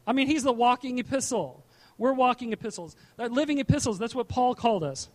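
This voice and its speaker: A middle-aged pastor with a high-pitched voice delivers a sermon in an easygoing, conversational way. He reads scripture aloud and breaks off into chatty asides, often restarting his sentences. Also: fairly quick.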